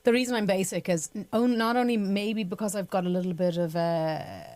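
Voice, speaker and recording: A woman's voice: mid-range voice, steady tone, fairly quick, darkish tone, no echo. A woman co-hosting a podcast, chatting casually and often murmuring agreement. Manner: supportive, lots of agreeing backchannels. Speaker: podcast co-host. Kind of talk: casual chat.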